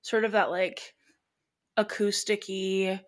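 A woman's voice: mid-range voice, flat delivery, slow pace. Young woman co-host, chatty and emotional, easy laugh. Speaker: podcast co-host. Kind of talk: casual chat.

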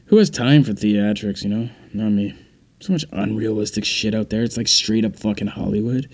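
A man's voice: on the low side, moderate pace, a little mellow. Male stand-up comedian, exasperated, profane, acting out scenes.

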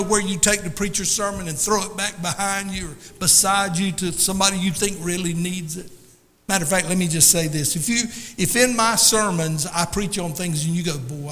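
Male Pentecostal pastor, high and bright, emotional and emphatic, booming through a reverberant sanctuary. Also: fairly even intonation, moderate pace. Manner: emotional, emphatic, chatty asides to the congregation. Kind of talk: Pentecostal sermon. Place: church sanctuary. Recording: long reverb of a church hall.

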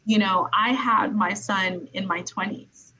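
A woman's voice: medium pitch, fairly even intonation, measured pace, sharp tone, a little hiss or hum, poor audio. Chatty woman interviewer from Brooklyn. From Brooklyn, New York. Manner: chatty, leans on "you know" and repeats words. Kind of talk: casual conversational interview.

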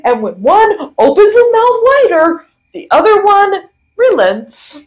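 A woman hosts a casual comedy podcast, laughing easily and teasing her guest. Her voice sits high and swoops up and down with every joke. She has the hiccups and keeps her tone sarcastic and light. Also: sing-song, slow pace, low-quality recording. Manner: playful, giggly, sarcastic. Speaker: podcast host.

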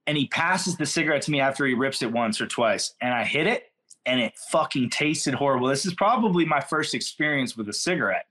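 A man's voice: medium pitch, lively intonation, a little fast, sharp tone. A middle-aged man from California, a podcast guest telling stories in a laid-back, slangy, rambling way. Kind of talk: casual storytelling in a podcast interview.

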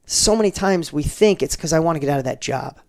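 A middle-aged podcast guest shares personal stories in a casual interview, acting out quoted dialogue with animation and often restarting his sentences. His voice is a little high and quick, with no echo.

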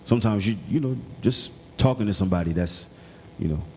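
A man's voice: lowish voice, fairly quick, dark tone, slight background noise. A man co-hosting a podcast, chatting loosely with lots of fillers and restarts. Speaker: podcast co-host. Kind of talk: casual chat. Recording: roomy with long reverb and faint ambience.

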